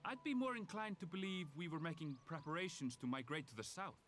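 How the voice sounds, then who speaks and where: Male gleaner with an Icelandic accent, measured, game character, music under. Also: fairly high pitch, very animated, fairly bright tone. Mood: explaining. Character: calm male Viera gleaner, polite.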